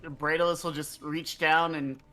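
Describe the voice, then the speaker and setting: A man's voice: on the high side, little pitch movement, measured pace, sharp tone, soft background music. A man playing a tabletop game, describing his character's actions in a rambling, filler-heavy way. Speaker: player.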